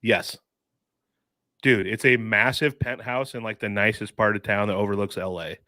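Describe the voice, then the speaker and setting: A man co-hosting a sports podcast, talking in a lively, upbeat way and often saying dude. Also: on the low side, moderate pace, dry recording, clean studio sound. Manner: enthusiastic, says dude and mm-hmm. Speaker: podcast co-host. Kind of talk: casual sports chat.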